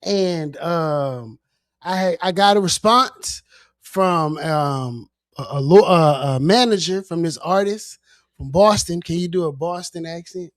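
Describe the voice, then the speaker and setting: A man from Virginia hosting a casual livestream chat, animated and slangy, often repeating himself. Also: fairly high pitch, slow pace, no echo, clean studio sound. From Norfolk, Virginia. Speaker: show host.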